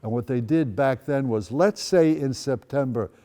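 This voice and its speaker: A man's voice: medium pitch, normal speed, warm tone, long reverb tail. A man in his eighties, originally from the Netherlands, gives a personal storytelling talk as a guest speaker with wry, dry asides. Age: 80s. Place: school event space.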